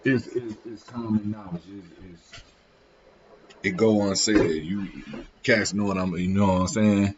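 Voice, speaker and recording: Male streamer, low-ish voice, slangy rambling reaction talk, muffled stream audio. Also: steady tone, a little slow, a crowd in the background. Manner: rambling, slangy, frequent restarts. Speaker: live streamer. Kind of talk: casual reaction commentary. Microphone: streaming setup.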